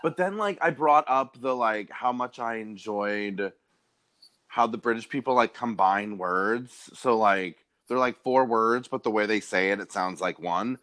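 A man co-hosting a casual chat who tells animated stories and laughs often. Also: on the low side, unhurried. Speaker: podcast co-host. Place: lives in Los Angeles.

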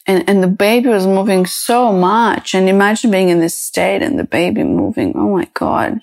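A woman hosting a personal podcast, talking in a halting, reflective way with many fillers and restarts, emotional and close to tears. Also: mid-range voice, lively intonation, vocal fry, darkish tone, no room sound. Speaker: podcast host.

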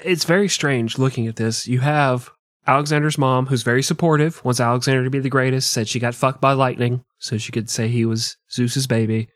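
A man's voice: mid-range voice, steady tone, a little fast, no echo, clean studio sound. Jokey man in casual podcast banter. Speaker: podcast co-host.

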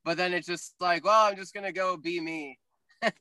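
Bright, dry-sounding man chatting. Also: high voice, steady tone, normal speed, clean tone, no room sound, low-quality recording. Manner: casual storyteller, agreeable, chuckles. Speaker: co-host of a church podcast. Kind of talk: casual church podcast chat.

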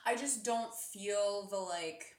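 A woman's voice: medium pitch, slow pace. Chatty woman co-host, echoey room. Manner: chatty, lots of "like" and trailing restarts. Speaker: podcast co-host. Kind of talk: casual chat.

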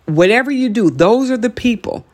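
A podcast host giving a motivational talk, urging listeners on with emphatic, repeated lines and the odd joking aside. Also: male voice, extremely high pitch, lively intonation, normal speed. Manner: emphatic, repetitive exhortations.

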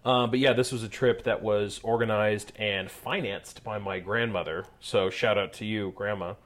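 A man's voice: on the low side, steady tone, normal speed. A young man co-hosting a casual podcast, rambling and self-deprecating with many fillers. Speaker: podcast co-host.

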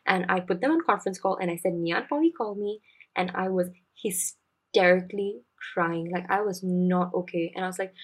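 A woman's voice: medium pitch, a little fast, slightly rough. A young woman in her twenties with a Singaporean English accent, telling a personal story as a podcast host in a chatty, confiding way.

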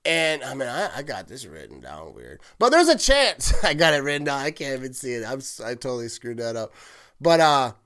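Animated rambling man hosting a podcast. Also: mid-range voice, fairly quick. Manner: rambling, heavy use of "like", self-correcting; excited, laughs at himself. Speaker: podcast host. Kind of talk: solo sports podcast rant.

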